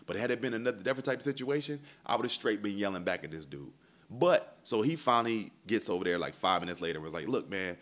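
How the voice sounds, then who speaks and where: A man with a very low voice telling a long travel mishap story in casual, profane chat, swinging between low muttering and loud exasperation.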